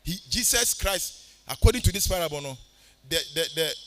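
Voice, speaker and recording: A man's voice: on the high side, lively intonation, normal speed, sharp tone. A male pastor with a Ghanaian accent, preaching a sermon in a sing-song cadence and mixing English with Twi.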